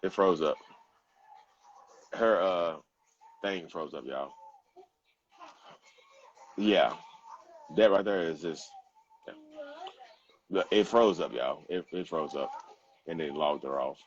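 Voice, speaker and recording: A man's voice: sits low, takes it slowly, long pauses, dull audio, a little hiss or hum. A young man hosting a casual livestream, talking bluntly and in slang to his viewers. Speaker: livestream host.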